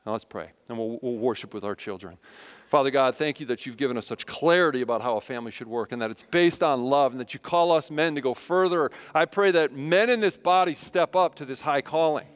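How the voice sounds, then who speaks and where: A man's voice: medium pitch, brisk, clean tone. A man in his thirties preaching a sermon to his church, earnest and conversational, telling personal family stories. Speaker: pastor. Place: church sanctuary. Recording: long reverb in a church hall.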